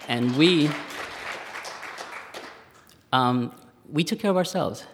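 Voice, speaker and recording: A man, telling a personal story live on stage in a conversational way, with pauses and fillers. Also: on the high side, a crowd in the background, background noise. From Spanish Harlem, New York. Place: stage in a museum hall, live audience. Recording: reverberant live hall.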